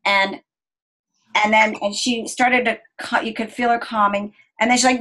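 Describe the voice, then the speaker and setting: A woman's voice: medium pitch, poor audio. Earnest middle-aged woman telling a story. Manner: earnest, gentle, slows down to stress calm moments. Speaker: interview guest. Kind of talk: personal storytelling.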